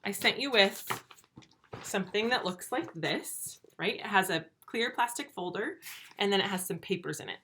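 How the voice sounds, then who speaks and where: A woman teaching first graders in a recorded video lesson, speaking slowly and clearly, stretching words out and asking patient, encouraging questions. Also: medium pitch, expressive, bright, forceful tone. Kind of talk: remote video lesson for young children.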